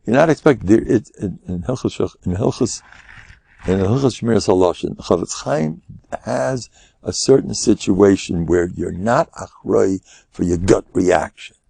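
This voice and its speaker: An older man, teaching a class as a rabbi. His gravelly, fairly low voice swings widely as he acts out characters and laughs through his stories. The sound is dry and close. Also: measured pace, no room sound. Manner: animated, acts out quotes in raised voices, laughs often. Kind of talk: lively storytelling lecture.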